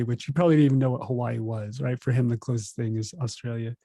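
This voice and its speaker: A man in his thirties, a guest on a podcast, telling stories in a relaxed, self-laughing way. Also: mid-range voice, quick pace, no echo. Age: 30s. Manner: relaxed storytelling, laughs at himself. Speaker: podcast guest, meditation teacher. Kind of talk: casual interview chat.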